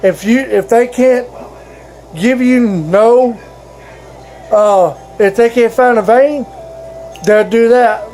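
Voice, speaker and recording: A man's voice: very high voice, darkish tone, faint music behind, poor audio. A man telling his fellow vloggers a personal story in a casual, rambling way, stopping and restarting often. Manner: halting, rambling, with frequent restarts.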